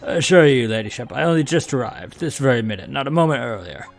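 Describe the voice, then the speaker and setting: A fawning, flustered police inspector with a thick put-on Cockney accent, as a man voices him, piling on pleasantries in a tumble of words. The voice sits at an everyday male pitch, with faint music under it. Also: lively intonation, fast, gravelly. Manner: gushing, over-polite, flustered. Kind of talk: fan voice-acting of a game.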